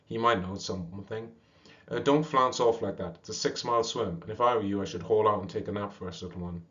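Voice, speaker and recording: Guy doing a know-it-all old sea lion, low voice, lo-fi. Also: fairly quick, a bit bright, close to an everyday voice. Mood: advising. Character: older male sea lion, wise and patronizing.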